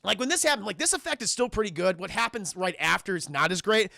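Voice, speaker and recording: A man with a high, heavily gravelly voice and a sharp, bright edge, recapping a movie live for his stream chat. He talks in an animated, profane rush through each scene, keeps turning to address the chat, and sounds close and dry. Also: fast, no echo. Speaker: streamer and film reviewer. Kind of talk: livestream film review chat.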